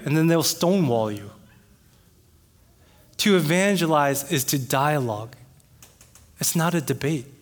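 A man preaching a sermon as pastor, talking in a conversational way and becoming animated when he retells an argument. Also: on the high side. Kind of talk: sermon with personal story. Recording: long reverb of a hall.

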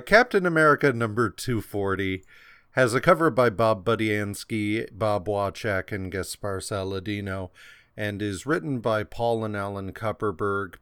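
A man hosting a comics podcast, talking slowly in a rambling way and reading out issue credits. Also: lowish voice, a bit bright, smooth, dry recording, clean studio sound. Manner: slow and rambling, with fillers and restarts. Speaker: podcast host. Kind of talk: casual chat.

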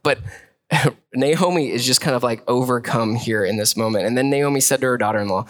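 A man's voice: medium pitch, brisk. A young adult man, a pastor, preaching a sermon in a casual, conversational way with many fillers.

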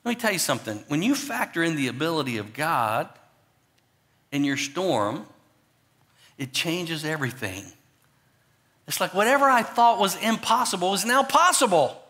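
High bright-voiced guy preaching a sermon, gets loud then drops real quiet. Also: normal speed, long pauses. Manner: animated, shifts from loud emphatic to quiet low asides. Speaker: pastor.

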